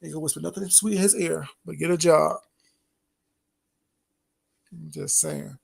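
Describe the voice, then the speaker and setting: Late at night on a casual livestream, this host gossips with his chat, teasing them and laughing often. His voice sits a bit high and stays steady, with a husky, darkish quality and some vocal fry, delivered at a moderate pace.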